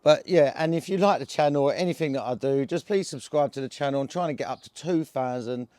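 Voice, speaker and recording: A man's voice: medium pitch, fast talker, mellow, dry recording. A man with an Essex accent, telling a story to camera in a casual, rambling way, full of slang and restarts. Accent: Essex English. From England. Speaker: cannabis vlogger.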